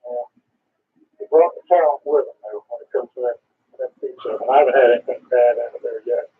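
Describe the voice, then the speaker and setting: A man checking in to an amateur radio net, chatting in a relaxed, conversational way. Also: mid-range voice, a little fast, slightly rough. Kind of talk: ham radio net chat. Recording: thin phone-like radio transmission.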